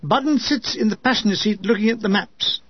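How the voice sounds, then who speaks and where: A man's voice: high-pitched, brisk, dull audio, slight background noise. A man reading his own war memoir aloud with wry, lyrical delivery and comic asides.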